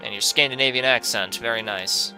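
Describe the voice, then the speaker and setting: A man talking over his own gameplay in a very bright, sharp voice. He rambles in a casual way, with wry, jokey asides to his viewers. A little music sits faintly behind him. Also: mid-range voice, brisk. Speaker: gaming video host. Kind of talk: casual let's-play commentary.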